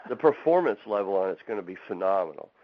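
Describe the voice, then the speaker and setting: A man's voice: deep voice, expressive, fast, no echo. A man who owns a fab shop and builds barbecue pits, talking in a casual interview as a folksy storyteller. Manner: folksy storyteller, acts out quotes. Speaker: barbecue pit maker and fab shop owner. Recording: dull, lo-fi, dry.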